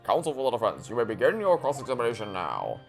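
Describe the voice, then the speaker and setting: A man voicing a stately, genial older judge, reading his lines with formal, lively delivery. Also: mid-range voice, fast talker, gravelly, soft background music.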